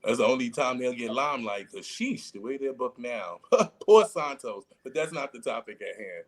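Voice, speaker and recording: A man's voice: medium pitch, lively intonation, moderate pace. A man in loose podcast banter, joking and swearing with ease. His voice swings widely up and down as he riffs. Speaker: podcast co-host. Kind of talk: casual podcast chat.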